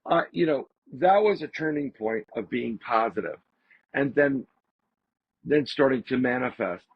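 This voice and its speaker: A man, a podcast guest, telling a story in a casual, animated way and repeating phrases for emphasis. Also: mid-range voice, unhurried, breathy edge, no echo. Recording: slightly dull lo-fi audio.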